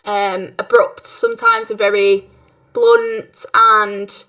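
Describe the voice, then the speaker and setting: A woman's voice: medium pitch, little pitch movement, takes it slowly, bright, forceful tone, recorded from a distance. A woman with a Cockney accent, chatting casually and giggly as a tabletop game player. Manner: giggly, chatty, trails off and restarts. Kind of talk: casual chat.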